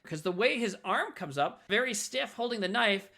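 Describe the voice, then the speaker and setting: A man co-hosting a podcast in casual chat, retelling a film in a rambling, animated way. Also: high voice, moderate pace, vocal fry. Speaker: podcast co-host.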